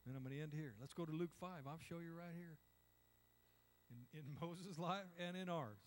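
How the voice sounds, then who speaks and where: A man's voice: a little high, normal speed. An older man preaching a conversational sermon, acting out little voices and asking the congregation "amen?". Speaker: pastor.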